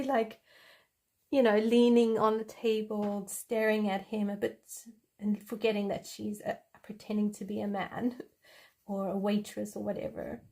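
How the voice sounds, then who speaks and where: A woman's voice: mid-range voice, steady tone, moderate pace, mellow. A woman hosting a coloring livestream, chatting playfully with viewers and making up a story as she goes. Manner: giggly and playful. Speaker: livestream host. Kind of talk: casual chat while coloring, improvising a story.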